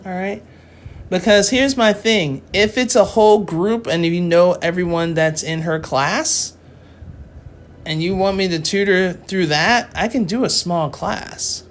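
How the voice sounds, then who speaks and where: A woman's voice: lowish voice, unhurried. A woman in her forties tutoring math in a casual live-stream lesson, chatty and joking, laughing often.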